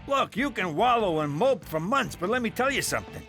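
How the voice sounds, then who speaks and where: A man's voice: high-pitched, big pitch swings, brisk, sharp tone, soft background music, exaggerated voice. An actor voicing a crude, brash male mobster uncle in an adult cartoon. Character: crude older mobster uncle, divorced six times.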